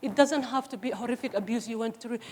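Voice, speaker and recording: A woman in her forties with a Somali accent speaks on stage in an earnest, emphatic way, with a fairly high voice. She lightens her account with humorous asides. Her voice rings out with a long reverb in a large hall. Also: fast, a little mellow, a little hiss or hum. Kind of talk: personal testimony talk.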